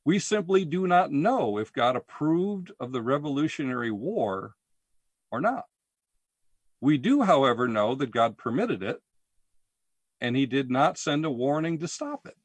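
Slow, emphatic male preacher. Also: medium pitch, very animated, slightly rough, dry recording. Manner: deliberate, emphatic preaching with rhetorical questions. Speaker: pastor. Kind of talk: sermon.

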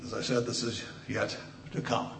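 A man's voice: on the low side, level tone, a bit bright, echoey room, slight background noise. Man preaching with emphatic scripture reading. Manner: reads scripture slowly and emphatically, asides with restarts.

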